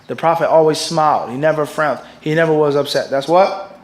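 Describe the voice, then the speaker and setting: A man's voice: a little high, fairly even intonation, a little fast. A middle-aged man, a mufti, gives a religious lecture to a class. He keeps leaving blanks for the listeners to fill in and checks that they follow him. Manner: quizzes listeners with fill-in "what?" prompts; keeps checking "everybody understand this?". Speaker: mufti teaching a hadith class.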